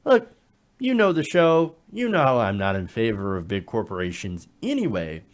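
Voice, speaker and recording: A man's voice: mid-range voice, wildly swooping pitch, normal speed. A man hosting an opinion commentary show, talking in an emphatic, sarcastic way and repeating lines for effect. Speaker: political commentary host.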